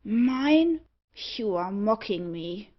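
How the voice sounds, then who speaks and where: A bitter, desperate young gentleman, as a woman reads him in an audiobook. He speaks slowly and tensely at a middling pitch. The sound is a little dull and lo-fi. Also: lively intonation. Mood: wary.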